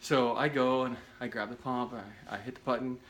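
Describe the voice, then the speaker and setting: Male vlogger with a bright, forward tone, telling a rambling, self-mocking story straight to camera. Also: medium pitch, normal speed, a little hiss or hum. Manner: animated, self-deprecating, rambling with restarts.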